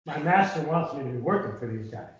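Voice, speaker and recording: A lecturer putting on a clever young man who plays it easygoing and reassuring while quietly outsmarting everyone. The voice is a bit high for a man. It echoes in a roomy hall. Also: animated, fast talker, lo-fi sound, close to an everyday voice. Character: shrewd young man playing along to outwit captors.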